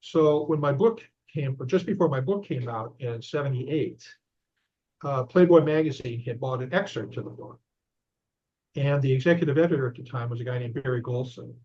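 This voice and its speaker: A man's voice: medium pitch, normal speed. An older man, an author and investigator, telling a story conversationally as an interview guest. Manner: animated anecdote-telling, recounting dialogue. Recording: dull lo-fi audio.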